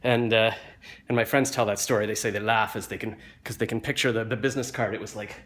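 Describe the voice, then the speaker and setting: A man's voice: on the low side, steady tone, fast. A man, telling a rambling, self-mocking story into a phone he holds close to his face at home. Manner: rambling, self-mocking, gets louder and livelier as the story builds. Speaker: vlogger. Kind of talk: casual storytelling. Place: indoors at home, just back from the gym. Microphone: phone held in hand, close to face.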